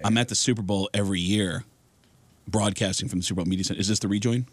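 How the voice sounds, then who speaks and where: A man in his forties, a stand-up comedian, telling an animated story as a guest on a radio show. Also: on the low side, no room sound. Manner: animated storyteller, quick asides. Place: radio studio.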